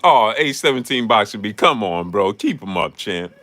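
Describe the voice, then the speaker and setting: A man's voice: fairly low pitch, lively intonation, normal speed, a bit bright. A man hosting a casual boxing livestream, greeting chat viewers and laughing often. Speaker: boxing talk show host.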